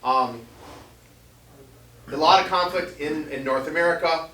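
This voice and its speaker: A man's voice: a little high, a little slow, bright, forceful tone, distant mic, a little hiss or hum. Rambling man lecturing in an echoey hall. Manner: rambling, many ums and restarts, jokey asides. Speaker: history lecturer. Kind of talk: casual lecture to a live audience. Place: veterans center hall.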